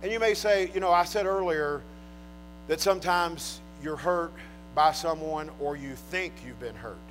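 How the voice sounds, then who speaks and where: A man preaching a sermon in a notably high voice. He is emphatic and jokes with the crowd, dropping to a hush and then rising to loud declarations. Faint music plays behind him. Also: unhurried, low-quality recording. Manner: emphatic, swinging from hushed to loud, joking.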